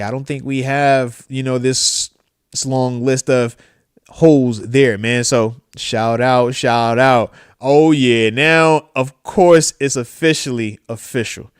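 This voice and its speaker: A man in his thirties hosting a live-stream talk show, talking in an animated, slangy way and often repeating phrases and giving shout-outs. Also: medium pitch, smooth, no room sound, studio quality. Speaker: show host, former football player.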